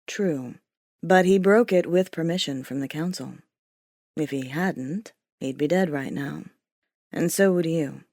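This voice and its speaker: A woman's voice: sits low, no echo, studio quality, pitched below the performer's own voice. A woman voicing a cool, stern man. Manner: measured, quietly pointed. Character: calm, stern male rule-follower with a cool bite.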